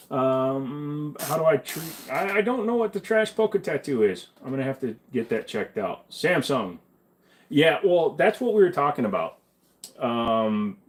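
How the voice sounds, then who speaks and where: A young adult man hosting a live stream, chatting casually, reading comments and answering bluntly with plenty of profanity. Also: mid-range voice.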